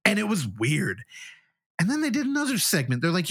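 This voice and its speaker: Speaking briskly in a high-pitched voice with a breathy edge, a man co-hosting a podcast rambles through long, animated stories, voicing people's reactions as he goes in casual chat. The recording is studio quality with no room sound.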